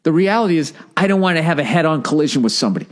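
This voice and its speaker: A man's voice: on the high side, lively intonation, racing. A man, a comedian, telling a story in a casual, profane, self-mocking monologue.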